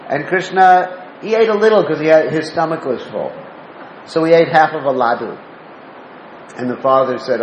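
A man's voice: a little high, normal speed, a little hiss or hum. Man, devotional talk, asks the room questions, muffled lo-fi, faint ambience. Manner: asks the listeners questions, storytelling. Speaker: spiritual teacher. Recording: roomy dull lo-fi recording with faint ambience.

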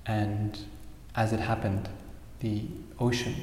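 Recorded in an echoey hall with long reverb and a little hiss or hum, this spiritual speaker talks slowly in a lowish, darkish voice with a level tone. His sermon takes the form of a fable, told animatedly and sprinkled with Sanskrit terms.

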